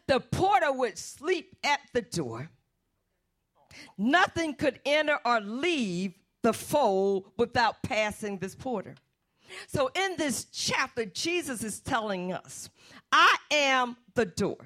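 A woman's voice: fairly high pitch, sing-song, slow pace. A woman preaching a fervent sermon and calling on the Holy Spirit as she speaks.

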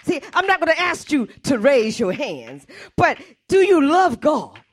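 A woman's voice: high voice, wildly swooping pitch, measured pace. A woman pastor preaching an impassioned sermon in church, repeating her point with force. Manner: impassioned, repetitive preaching, often shouting.

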